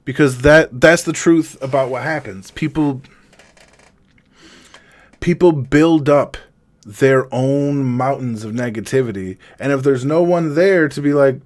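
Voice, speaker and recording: Distressed man rambling through a confession. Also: mid-range voice. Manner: halting, rambling, heavy swearing. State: emotionally raw, distressed. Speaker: streamer. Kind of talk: confessional live-stream monologue.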